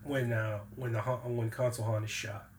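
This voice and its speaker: A man hosting a podcast in casual chat, animated as he retells scenes and laughs often. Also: medium pitch, moderate pace, a little hiss or hum. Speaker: podcast host.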